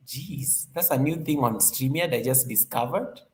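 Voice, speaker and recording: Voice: medium pitch, normal speed, slight background noise. A livestream host in casual chat, greeting viewers one by one in an upbeat, chatty way, often repeating phrases and laughing.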